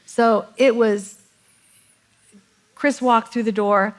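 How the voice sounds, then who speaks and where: Woman, middle-aged, lively storyteller, fairly high voice, church stage. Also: takes it slowly. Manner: animated, laughing storyteller. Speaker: pastor's wife sharing a story. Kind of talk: sermon storytelling.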